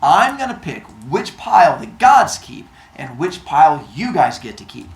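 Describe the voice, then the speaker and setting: A man's voice: a little high, very animated, moderate pace, creaky. A man voicing a boastful, scheming king of the gods with a mocking, gloating manner, in an echoey room heard from a distance.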